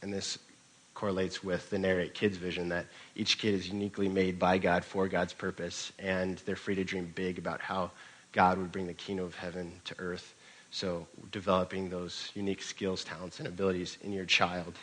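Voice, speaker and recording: Deep-voiced man preaching a sermon. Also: flat delivery, moderate pace, fairly bright tone, rough recording. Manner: conversational storytelling with occasional restarts. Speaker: pastor.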